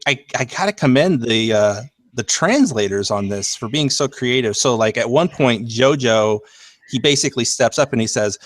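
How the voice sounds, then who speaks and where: A man's voice: mid-range voice, moderate pace, dry recording. A man co-hosting a podcast in casual chat, enthusiastic and reading from his notes. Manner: enthusiastic, reads from notes, laughs often. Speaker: podcast co-host.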